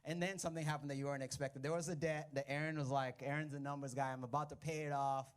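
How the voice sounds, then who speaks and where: A man's voice: fairly high pitch, flat delivery, very fast, smooth. A man interviewing guests at a church, prompting them and recapping their story for the audience. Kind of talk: conversational interview.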